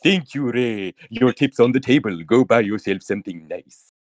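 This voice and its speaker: A man's voice: medium pitch, expressive, normal speed, no room sound, lightly acted. A man playing a grandiose, pompous male romance author who reads out florid erotic excerpts in ornate language. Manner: grandiose, theatrical, ornate wording.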